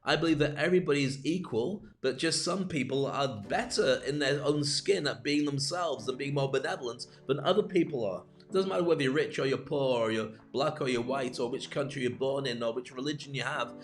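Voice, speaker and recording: A man's voice: medium pitch, a little fast, hardly any pauses. A middle-aged man hosting a live self-help show, giving a candid motivational monologue with stories and numbered points.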